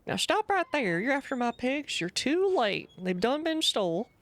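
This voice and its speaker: A woman voicing a grumpy rural old male pig farmer, drawling slowly and folksy, reading game dialogue aloud. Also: high-pitched, big pitch swings, fairly bright tone, no echo, pitched above the performer's own voice, full character voice. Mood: indignant.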